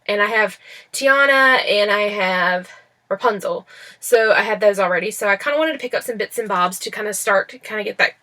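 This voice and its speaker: A woman's voice: mid-range voice, a little fast, pushed and bright. A woman vlogging about a toy haul in casual chat at home, rambling with many fillers and restarts, recorded on a laptop microphone. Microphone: laptop built-in mic.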